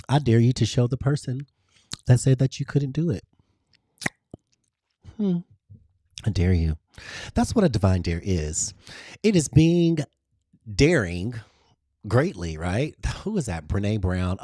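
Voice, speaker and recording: The recording is clean, dry and studio-grade, carrying a man's mellow voice as he hosts a live stream. Emphatic and repetitive, he greets viewers by name and stacks up affirmations in a motivational talk full of wide pitch swings.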